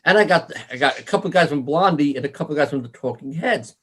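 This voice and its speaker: Quick and fairly high-pitched, a middle-aged male musician from New York recounts stories as an interview guest. He's an animated storyteller who performs the voices he quotes and laughs frequently.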